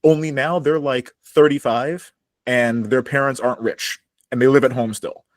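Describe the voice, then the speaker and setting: A man's voice: mid-range voice, fairly even intonation, moderate pace, dry recording. Chatty man from Chicago, dry close sound. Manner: chatty, laughs often, wry. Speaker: podcast co-host. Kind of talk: casual chat.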